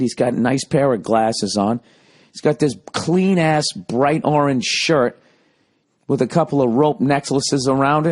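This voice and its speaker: Man, mid-pitched, profane rambling comic monologue host. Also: a little mellow. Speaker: podcast host.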